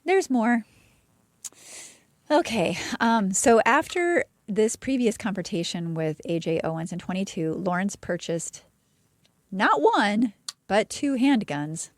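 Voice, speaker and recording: A woman's voice: medium pitch, very animated, slow pace, no room sound, studio quality. A woman co-hosting a casual true-crime podcast, retelling a case conversationally with blunt asides. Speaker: podcast co-host.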